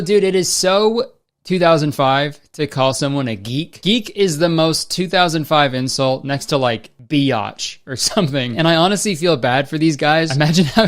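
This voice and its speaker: Brief: sarcastic man narrating a comedy commentary, slightly high voice, music bed. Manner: sarcastic, joking, deadpan asides.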